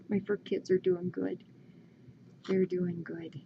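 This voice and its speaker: A woman at home murmuring sweet baby talk to her pet, slow and unhurried, often dropping to a whisper. The sound is dull and lo-fi, with a clear hiss of noise under her voice. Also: fairly low pitch, flat delivery, warm tone. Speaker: pet owner. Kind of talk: cooing talk to pets.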